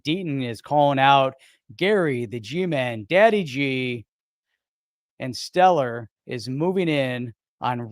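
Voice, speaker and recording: A man's voice: mid-range voice, no echo. Upbeat man co-hosting a live show. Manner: upbeat, laughing, bantering. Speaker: co-host. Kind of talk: casual livestream chat.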